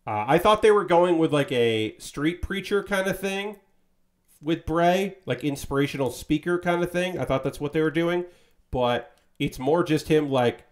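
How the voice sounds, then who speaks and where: A man's voice: fairly high pitch, normal speed. A man streaming, casually chatting while he builds a model kit, rambling with lots of fillers and a bit of swearing.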